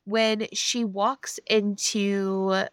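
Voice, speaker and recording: A woman's voice: medium pitch, level tone, extremely slow, smooth, dry recording. A woman co-hosting a podcast, retelling a book's plot in casual chat with dry humor. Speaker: podcast co-host. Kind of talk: casual book recap chat.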